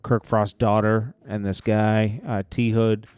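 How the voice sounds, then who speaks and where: A man's voice: on the low side, level tone, takes it slowly, a little mellow, smooth, dry recording, studio quality. A man hosting a casual celebrity news commentary, rambling with chuckling asides. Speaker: host.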